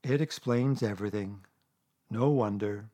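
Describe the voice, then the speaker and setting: A glum old gray donkey, voiced by a man reading a storybook. He speaks slowly and sadly, with a husky, somewhat low voice that stays quiet and weary. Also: no echo, clean studio sound. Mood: gloomy. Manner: slow, sad, mournful.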